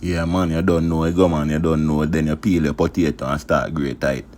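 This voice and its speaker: Very deep-voiced Jamaican man cooking. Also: little pitch movement, brisk, darkish tone, a little hiss or hum. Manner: laid-back patois, repeats "you see me, I say". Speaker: home cook vlogger. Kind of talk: casual cooking narration.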